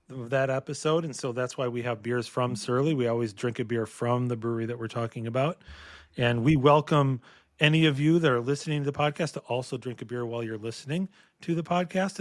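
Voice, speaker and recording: A man co-hosting a podcast with a beer in hand, easygoing and a little rambling, his voice at an ordinary middle pitch. The sound is dry and close, with no room echo around him. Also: fairly quick. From Minnesota. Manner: relaxed, rambling with fillers and restarts. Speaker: podcast co-host. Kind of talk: casual beer-tasting chat. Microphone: podcast microphone.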